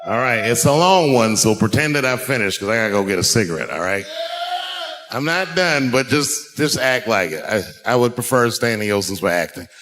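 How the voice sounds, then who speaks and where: Man, forties, stand-up comedian, drawling, profane, lively pitch. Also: a little fast, soft background music. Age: 40s. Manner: loose, profane, drawling delivery with sudden jumps in pitch.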